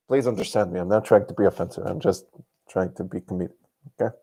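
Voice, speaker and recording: A man's voice: sits low, dark tone, slightly rough. A man from Serbia, chatting casually on a live stream, joking and laughing often between lines.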